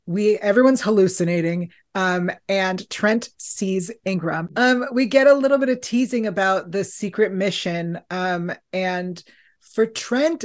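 A woman hosting a podcast, asking interview questions in a measured, unhurried way. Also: medium pitch. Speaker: podcast host.

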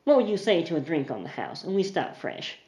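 A game master voicing a composed, steely woman who runs a saloon and speaks softly and politely. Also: lowish voice, sing-song, a little fast, roomy sound. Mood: welcoming. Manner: sweetly controlled, soft-spoken.

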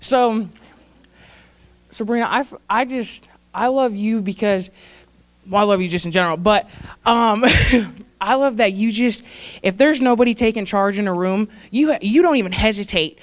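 A woman's voice: medium pitch, normal speed, pauses often. A young woman giving a heartfelt, rambling tribute at a church service, laughing and fighting back tears. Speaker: church staff speaker honoring graduates.

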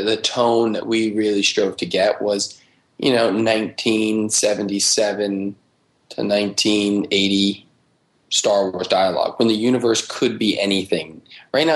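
A man, a film director guest on a podcast, talking in an emphatic, driven way. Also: lowish voice. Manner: emphatic, driven, talks about craft intensely. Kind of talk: casual interview talk.

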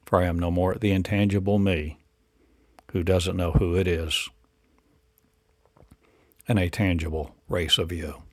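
A man's voice: low-pitched, fairly even intonation, unhurried, pauses often, no room sound. A man delivering a rambling spiritual monologue in incantatory, repetitive declarations and rhetorical questions.

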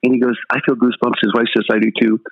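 Animated older pastor telling a story. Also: male voice, mid-range voice, racing, muffled recording. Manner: animated storyteller acting out dialogue. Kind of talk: storytelling interview guest.

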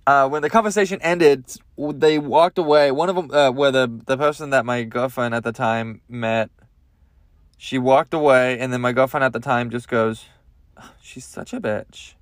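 A man's voice: medium pitch, steady tone, normal speed, dry recording. Crude rambling man, dry close mic. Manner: crude, rambling rant with lots of swearing. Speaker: podcast host. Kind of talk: comedic monologue.

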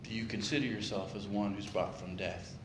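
A man's voice: on the low side, steady tone, fairly quick. Man preaching casually in an echoey hall. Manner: conversational preaching with jokes and rhetorical questions. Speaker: pastor. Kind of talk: sermon. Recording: echoey room with clear background noise.

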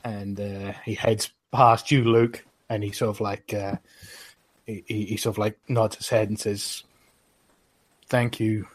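A man's voice: fairly low pitch, little pitch movement, a little slow, slightly rough, dry recording. A man narrating as game master, rambling with frequent fillers.

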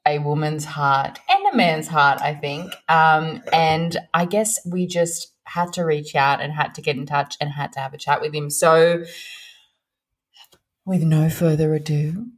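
Low-voiced, giggly woman. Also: measured pace. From Australia. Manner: relaxed, giggly, swears casually. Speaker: podcast co-host. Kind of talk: casual chat.

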